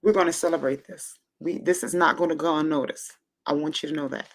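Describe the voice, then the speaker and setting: A woman's voice: low voice, fairly even intonation, fairly quick, noisy background. A woman hosting a casual livestream, gushing and emotional, close to tears, who stammers and repeats herself. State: moved to near tears. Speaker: livestream host.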